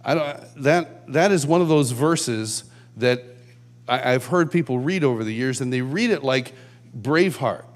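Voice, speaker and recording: A man giving a conversational sermon at a conference, telling stories and acting out shouted quotes. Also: medium pitch, expressive, measured pace. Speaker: conference speaker. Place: large church hall.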